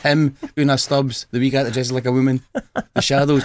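A man's voice: mid-range voice, flat delivery, a little fast, darkish tone, no room sound. A man co-hosting a radio show, joking and rambling in casual chat. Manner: joking, rambling, does silly voices. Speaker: radio co-host.

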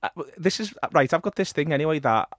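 A man's voice: on the high side, lively intonation, a bit bright, no echo, clean studio sound. A man hosting a casual football podcast, chatty, with frequent false starts and restarts. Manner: quick, chatty, hesitant restarts. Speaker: podcast host.

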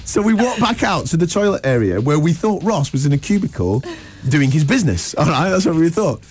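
A man's voice: a little high, big pitch swings, fairly quick, husky, soft background music. A man, hosting a breakfast radio show and telling a funny story with plenty of laughs. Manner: laughing storyteller, acts out voices. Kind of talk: animated anecdote telling.

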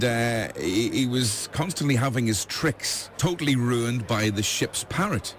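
A man's voice: on the low side, a bit bright, slight background noise. A man telling long jokes, passed off as true stories, in a rambling way full of fillers. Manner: rambling, filler-heavy, chuckling. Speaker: joke teller.

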